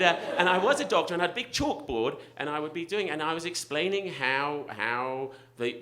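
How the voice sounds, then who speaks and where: Middle-aged male storyteller, animated and self-deprecating, slightly high voice, live slam mic. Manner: animated, self-mocking, laughs through lines. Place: restaurant event space with live audience.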